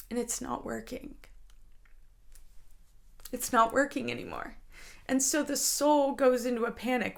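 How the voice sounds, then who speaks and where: A woman with a somewhat high, gravelly voice delivers a spiritual guidance talk. She speaks in a confiding, emotional way, often repeating herself and at times getting teary. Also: steady tone, a little slow, long pauses. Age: adult, a mother.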